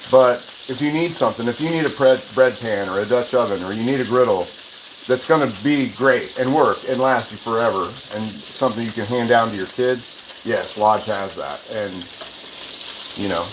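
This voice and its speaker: A man hosting a cooking livestream, chatting casually in a rambling way while he cooks at the stove and answers viewer comments. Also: mid-range voice. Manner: rambling and chatty, with many restarts. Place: home kitchen at the stove. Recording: noisy, with frying sizzle behind. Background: sizzling pan and running water.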